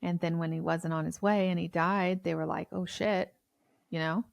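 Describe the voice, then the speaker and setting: A woman's voice: fairly low pitch, steady tone, normal speed, gravelly, no echo. A woman co-hosting a true-crime podcast, talking in a blunt, chatty way and swearing freely. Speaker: podcast co-host. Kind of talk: casual true-crime chat.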